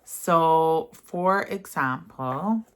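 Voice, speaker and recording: A woman leading a guided affirmation session, reading gently and then talking casually with fillers. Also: deep voice, clean tone. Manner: gentle and unhurried, slipping into casual fillers when speaking freely. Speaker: self-help guide. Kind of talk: guided affirmation session, partly read aloud.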